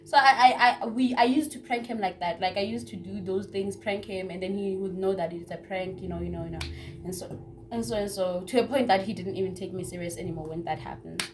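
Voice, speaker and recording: A young woman telling a casual story-time tale, chatty and repetitive, with hushed asides. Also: medium pitch, fairly quick, a little hiss or hum. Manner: chatty, repeats words, drops into hushed asides. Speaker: vlogger.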